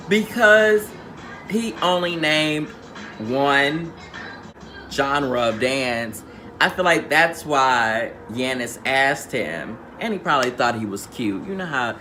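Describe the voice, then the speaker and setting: A man gives a casual reality show recap with a fairly high, bright voice. He tells it in a sassy, slangy, theatrical way. Faint music plays underneath. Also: expressive, slow pace.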